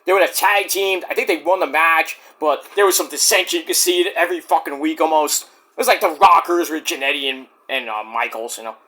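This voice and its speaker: A man's voice: on the high side, brisk, bright, forceful tone. A man reviewing a wrestling show in casual, rambling, profane chat. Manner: rambling, profane, many fillers.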